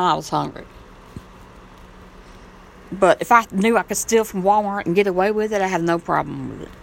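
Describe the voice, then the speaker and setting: A woman's voice: fairly low pitch, creaky, slight background noise, rough recording. A woman talking straight to camera in a casual vlog, blunt, rambling and impassioned, swearing freely. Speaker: vlogger. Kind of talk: casual monologue.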